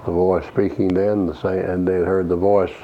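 A man preaching an expository Bible lesson, reading verses slowly and explaining Greek words in a measured way. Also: low voice, flat delivery. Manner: slow, measured reading of scripture with Greek word study. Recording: dull lo-fi recording with faint hiss.

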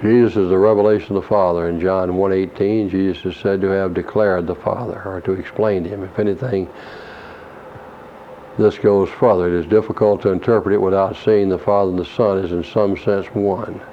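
A man preaching an expository Bible lesson, reading verses slowly and explaining Greek words in a measured way. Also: deep voice, steady tone. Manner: slow, measured reading of scripture with Greek word study. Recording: dull lo-fi recording with faint hiss.

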